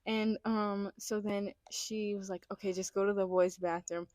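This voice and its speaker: A woman's voice: medium pitch, little pitch movement, moderate pace, darkish tone, no room sound. A young woman co-hosting a casual chat, reading listener stories aloud in a giggly, filler-heavy way. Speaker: podcast co-host.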